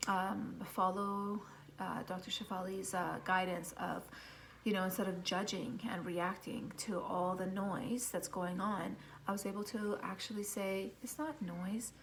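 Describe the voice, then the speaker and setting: A woman's voice: medium pitch, little pitch movement, measured pace, creaky, slight background noise. Reflective woman musing with many fillers. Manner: thoughtful, rambling, many fillers. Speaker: vlogger, mother of young kids. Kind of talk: casual reflective talk to camera.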